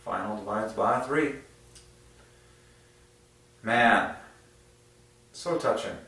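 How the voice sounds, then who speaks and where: Excitable man in a very echoey room. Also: drawn-out words. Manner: excitable, with many fillers and sudden jumps in pitch. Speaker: religious numerology video host. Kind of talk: rambling casual monologue. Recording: very echoey room, far from mic.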